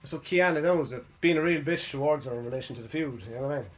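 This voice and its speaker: A man's voice: fairly high pitch, quick pace. A young man hosting a casual wrestling recap, rambling along and often tagging on "you know what I mean". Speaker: host.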